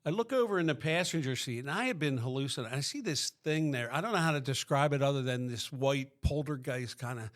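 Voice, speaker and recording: A man's voice: medium pitch, animated, quick pace, few pauses. A middle-aged man from Pennsylvania, a podcast guest, tells his recovery story in a rambling way, full of restarts.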